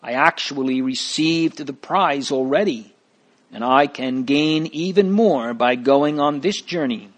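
A man's voice: mid-range voice, measured pace, pitched above the performer's own voice, lightly acted. A man reading a story aloud, voicing a grieving but determined woman setting out on a journey. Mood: earnest. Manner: earnest, resolute.

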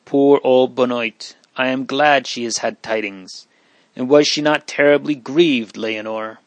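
A man voicing an impetuous, loyal teenage boy who speaks warmly. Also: medium pitch, steady tone, unhurried, no echo, close to an everyday voice. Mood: grave. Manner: impetuous, warm.

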